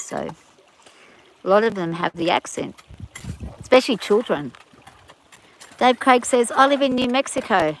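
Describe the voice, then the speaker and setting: A woman's voice: medium pitch, a little hiss or hum, rough recording. A woman with a rural Australian accent, hosting a live stream outdoors and chatting casually as she reads viewer comments aloud and answers them. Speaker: livestream host reading chat.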